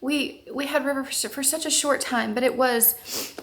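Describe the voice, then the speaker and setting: A woman's voice: sits high, steady tone, moderate pace, fairly bright tone. A woman author co-hosting a casual chat, speaking in a heartfelt, reflective way. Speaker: author and co-host.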